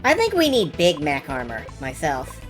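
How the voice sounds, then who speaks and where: A woman's voice: sits low, wildly swooping pitch, moderate pace, over music. A woman streamer giving casual, irreverent commentary on a game she is playing live, with wry remarks and swearing.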